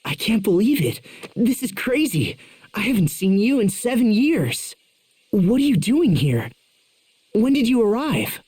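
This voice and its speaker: Woman voicing a husky, earnest young knight. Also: mid-range voice, big pitch swings, unhurried, warm tone, no echo. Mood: stunned. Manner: urgent, disbelieving questions. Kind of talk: game cutscene dub.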